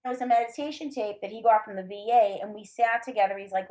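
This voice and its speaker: A woman in her thirties talks through a laptop microphone as a podcast guest. Her speech is loose and rambling, full of little fillers, and she swears freely. Her pitch sits in an ordinary middle range. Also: quick pace, few pauses, mellow. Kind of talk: casual chat.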